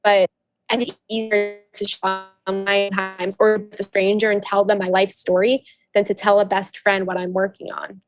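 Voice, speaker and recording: A woman's voice: medium pitch, level tone, soft background music. A woman co-hosting a podcast, talking candidly and personally in casual chat. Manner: candid, confiding, quick laughs. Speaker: podcast co-host, solopreneur.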